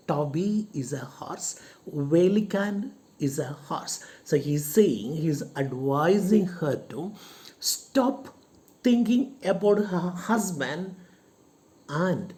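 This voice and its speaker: A teacher explaining a play to a class, paraphrasing each line slowly and repeating points in simple words. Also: mid-range voice, warm tone.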